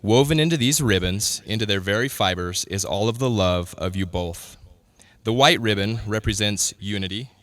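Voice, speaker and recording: A man officiating a wedding in a measured, formal and solemn way. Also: lowish voice, a bit bright, dry recording. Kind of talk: ceremonial officiating.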